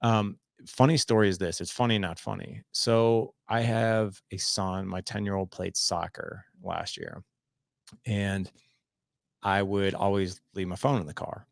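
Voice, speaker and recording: A man with a very low, gravelly voice tells a story as a podcast guest. He talks in an animated way, slipping into the voices of the people he quotes and restarting his sentences often. The sound is dry and close. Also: measured pace, dry recording. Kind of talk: casual storytelling.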